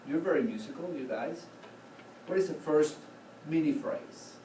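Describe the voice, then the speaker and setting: A man teaching choral conducting in a classroom, coaching students with a steady run of questions. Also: on the high side, normal speed. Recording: roomy, distant, noisy classroom recording.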